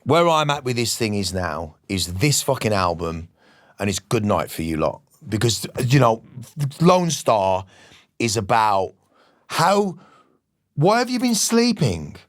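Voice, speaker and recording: A man's voice: on the low side, big pitch swings, unhurried, no room sound, clean studio sound. Sweary middle-aged man. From West Midlands, England. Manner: swearing, rambling, passionate. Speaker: musician guest. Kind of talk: casual interview chat.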